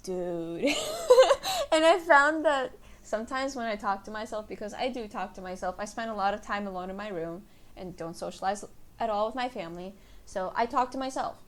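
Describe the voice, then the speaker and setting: A young woman with a medium-pitched, slightly bright voice hosts her own podcast, talking a little fast. Her casual solo chat rambles along in a self-deprecating way.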